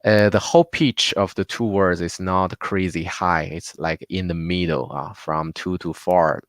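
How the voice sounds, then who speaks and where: A man with a Chinese accent teaching a live online lesson, patiently repeating words slowly for his learners. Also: low voice, fairly even intonation, no echo, studio quality. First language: Mandarin Chinese.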